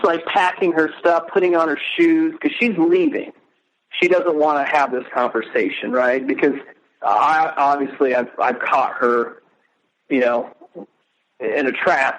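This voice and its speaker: A middle-aged man speaking as an interview guest, earnest and emotional, halting as he recounts. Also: on the high side, dull audio. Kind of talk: casual interview.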